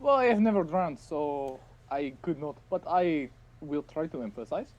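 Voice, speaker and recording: A player doing a half-elf with a put-on French accent who speaks politely and keeps stumbling over his words. His pitch swings up and down a lot as he talks. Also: expressive, a little mellow, dull audio, natural voice. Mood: earnest. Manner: polite, halting, searching for words.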